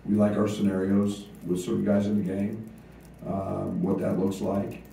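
A low, very dark-toned man speaks as a head basketball coach at a press conference, halting often with fillers and restarts. He sounds distant from the mic in a very echoey room with a faint hiss. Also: completely flat delivery, creaky.

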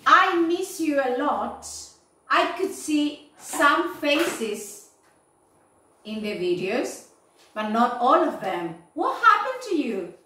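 Slow, high-voiced teacher in an echoey room. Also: female voice, sing-song, bright, forceful tone, far from the mic. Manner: slow, repeating "yes?" and "okay?" to check understanding. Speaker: English teacher. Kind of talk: online class feedback.

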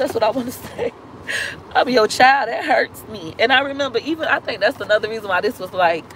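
A woman's voice: a little high, fairly bright tone, slight background noise, poor audio. Blunt, emotional woman telling her story. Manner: blunt and emotional, casual slang and cursing; talks fast in bursts, slows down on hurtful points. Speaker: vlogger. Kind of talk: confessional live-stream storytelling.

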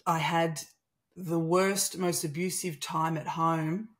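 This thirtysomething Australian woman has a low-sitting voice and a slow pace. As a conversation guest, she animatedly recounts a personal story, performing each line of dialogue.

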